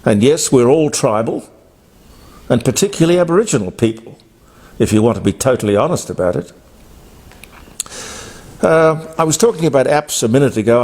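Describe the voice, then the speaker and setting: A man's voice: medium pitch, lively intonation, fairly quick, darkish tone. Australian male radio host, blunt and emphatic, rambling opinion talk.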